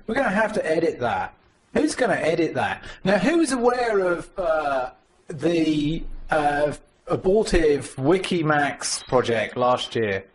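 Animated, joking male tech speaker. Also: mid-range voice. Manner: animated, jokey, mimics others in voices. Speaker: conference speaker. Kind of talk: live tech talk with demo. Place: conference room.

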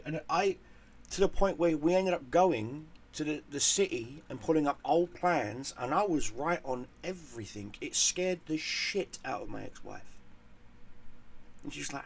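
A man's voice: on the high side, animated, normal speed, gravelly, breathy edge. A man hosting a gaming channel, telling a casual story in a profane, rambling way and repeating words as he goes.

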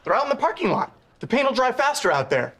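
An actor playing a young, goofy, careless big brother with a loud, excitable way of talking. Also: male voice, very high voice, quick pace, a faint crowd, exaggerated voice. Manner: loud, excitable, often shouting. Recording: noisy sitcom audio with studio audience laughter.

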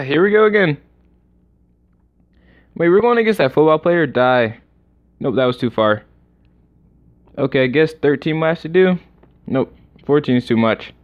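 Exasperated man in muffled gaming commentary. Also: fairly high pitch. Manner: exasperated, mock-dramatic groaning. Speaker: gamer. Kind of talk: let's-play commentary. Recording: lo-fi muffled recording.

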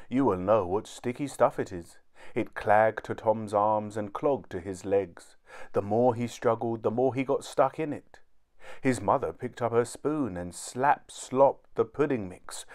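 A man reading a children's storybook aloud with an expressive, animated delivery. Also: medium pitch, measured pace.

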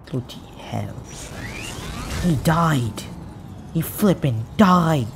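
A young man commenting on his own gameplay, excitable and trash-talking, who repeats words in chants. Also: mid-range voice, measured pace, poor audio. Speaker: gaming channel host. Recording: gunfire and game noise behind.

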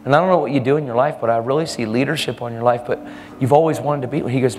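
A man preaching a storytelling sermon, animated, acting out the people in his stories with sudden jumps in pitch. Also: rapid-fire. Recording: long hall reverb, faint music.

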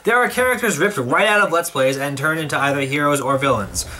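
A man's voice: on the high side, animated, fairly quick, pushed and bright, slight background noise. A young man narrating a scripted comedic video review, sarcastic, with exaggerated outbursts.

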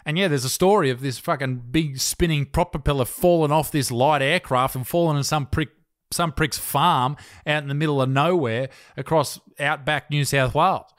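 A man's voice: a little high, moderate pace, no echo, clean studio sound. A young Australian man hosting a podcast, telling crude jokey stories and laughing as he goes. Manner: crude, joking, laughs mid-story. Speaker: podcast host. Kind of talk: casual comedic chat.

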